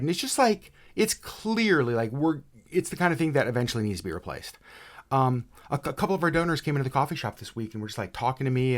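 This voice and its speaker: A woman co-hosting a casual podcast chat, playful and teasing, rambling with plenty of fillers. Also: extremely low pitch. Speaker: podcast co-host.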